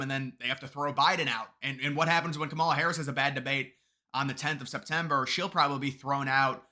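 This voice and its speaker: A man talks through polls in a casual commentary video, mocking and opinionated, breaking off into quick asides. His voice is strikingly bright and sharp, and sits at an ordinary pitch for a man. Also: steady tone. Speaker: political commentator.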